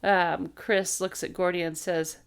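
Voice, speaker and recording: A woman's voice: fairly low pitch, flat delivery, unhurried, creaky, clean tone. Woman guest with dry, wry asides. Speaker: podcast guest. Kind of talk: casual chat about a film.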